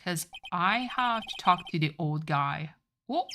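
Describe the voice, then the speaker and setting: A woman streamer playing a game, reading its dialogue aloud with lively asides and self-corrections. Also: on the low side, measured pace, background noise.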